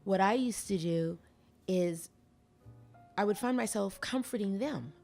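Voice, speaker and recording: A woman hosting a casual podcast chat, animated and playful, laughing often and teasing herself. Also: medium pitch, measured pace, vocal fry, faint music behind. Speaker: podcast host.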